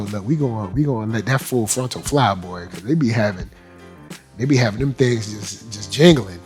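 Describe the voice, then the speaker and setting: Man, anime show host, slangy casual commentary, lively swooping pitch, faint music underneath. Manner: animated, slangy, laughing often.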